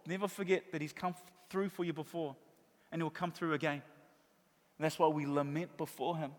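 High-voiced middle-aged preacher in a big hall. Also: male voice, fairly even intonation, normal speed. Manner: warm storytelling with emphatic repetition. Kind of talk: sermon. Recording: long reverb of a large hall.

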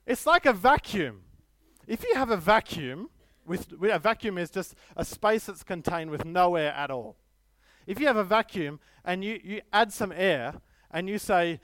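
A man's voice: high voice, expressive, a little slow, a bit bright, no room sound. A man preaching a sermon, emphatic, with stories and light self-deprecating humor.

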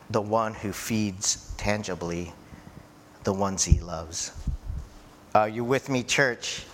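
A man preaching a sermon in a slow, conversational way, often checking in with his listeners. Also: on the low side. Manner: slow, conversational preaching with frequent "right?" and "you know". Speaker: pastor. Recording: echoey hall with faint ambient noise.

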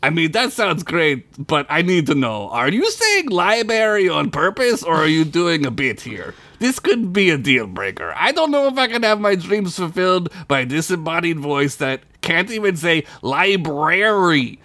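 A man voicing a grumpy, drunk vampire with a mock Russian accent, talking sarcastically and deadpan. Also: fairly high pitch, normal speed, few pauses, pitched above the performer's own voice, exaggerated voice. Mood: sarcastic. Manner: sarcastic, deadpan, put-upon.

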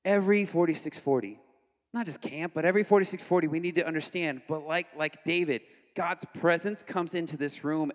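A young man giving a casual, animated youth sermon as a worship leader, conversational and full of slangy asides. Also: on the high side. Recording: long hall reverb.

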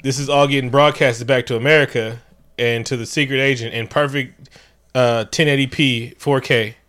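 A man co-hosting a casual movie review chat, telling the plot in an animated, profane, joking way. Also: mid-range voice, moderate pace. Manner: animated, profane, jokey storytelling. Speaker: podcast co-host.

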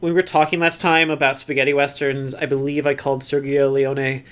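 A woman's voice: very deep voice, flat delivery, brisk. A woman co-hosting a podcast, casually walking her co-host through film history with dry teasing. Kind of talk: casual chat, storytelling about film history.

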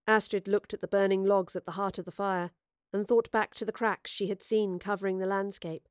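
A woman narrating an audiobook with measured, expressive storytelling. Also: mid-range voice, clear, resonant tone, no echo, studio quality.

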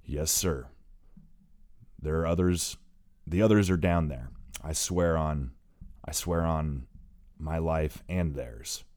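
A man with a very deep voice voicing a gravelly old father who shouts orders to his sons in an audiobook. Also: takes it slowly, long pauses, no room sound, studio quality. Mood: nervous. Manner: pleading yet commanding, shouts to his sons. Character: gruff old male father, booming and gravelly.

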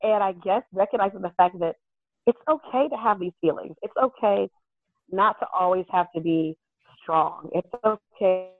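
An earnest woman recounts her own story, animated and quick to laugh. Her voice comes through thin and phone-like, recorded dry and close. She speaks at an ordinary, mid-level pitch. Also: no echo. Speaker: podcast guest. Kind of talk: candid personal storytelling. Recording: thin phone-like call audio.

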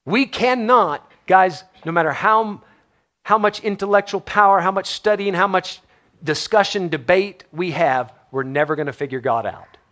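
A man preaching a sermon, shifting between emphatic stresses and hushed low phrases, reading scripture aloud. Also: moderate pace. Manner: reads scripture in old-fashioned wording. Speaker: pastor.

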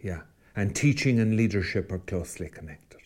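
Low-pitched and husky, this Irish man sounds animated and keeps a moderate pace. He's a priest on a podcast he co-hosts, telling stories in a reflective, conversational style with many restarts, the kind of casual podcast talk you'd expect.

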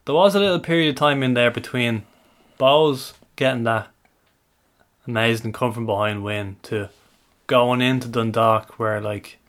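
A man's voice: medium pitch, unhurried, a bit bright. An Irish man co-hosting a football podcast, dry and understated in casual chat. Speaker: podcast co-host.

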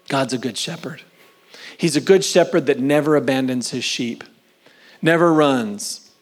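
In his medium-pitched voice, this male pastor preaches with shifts between forceful declarations and hushed, whispered phrases. He lingers on important words, drawing them out.

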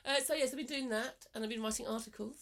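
Quick bright-voiced woman. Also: fairly high pitch. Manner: self-deprecating, laughing. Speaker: podcast co-host, comedian. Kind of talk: casual chat.

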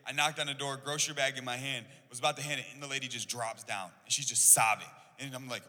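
An excitable young man talks quickly in a casual church podcast, peppering his sentences with "like". His voice is bright and forward. The room rings with a long echo. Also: mid-range voice. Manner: excitable, heavy use of "like". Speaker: church volunteer.

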